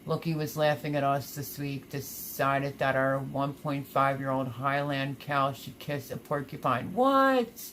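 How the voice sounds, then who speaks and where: A woman's voice: a bass voice, little pitch movement, unhurried, few pauses, a bit bright, slight background noise. A woman hosting a casual gardening livestream, chatting and reading viewer comments aloud, laughing often. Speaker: livestream host.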